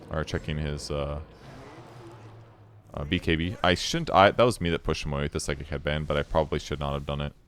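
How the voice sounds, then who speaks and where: A man giving casual replay commentary on his own game, relaxed and self-critical as he explains his choices. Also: very deep voice, a little hiss or hum.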